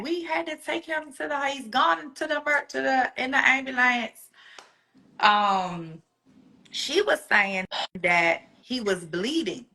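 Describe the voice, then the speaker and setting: A woman guest telling an emotional personal story, animated and acting out the voices of the people she quotes. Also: high-pitched, takes it slowly, gravelly.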